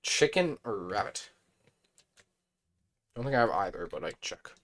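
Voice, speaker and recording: A man with a hoarse, fading voice, chatting casually on a live stream as he plays a building game and thinks aloud. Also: lowish voice, lively intonation, normal speed, fairly bright tone.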